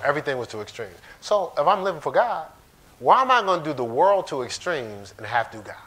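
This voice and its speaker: Lively joking man preaching a casual sermon. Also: a little high, fairly quick. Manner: animated, joking, talks straight to the congregation. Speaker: pastor. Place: church sanctuary.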